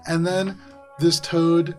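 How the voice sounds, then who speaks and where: A man's voice: a little high, slow pace, faint music behind. A man running a live tabletop game as dungeon master, narrating in a loose, laughing style full of fillers. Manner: lively, laughing, many fillers like "like".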